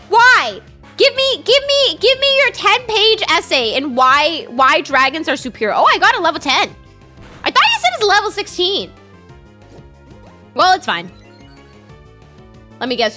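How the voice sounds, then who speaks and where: A young woman from Canada's west coast streams while gaming and chats casually, giggly and rambling, with lots of restarts and repeats. Her voice is high-pitched, bright and forceful.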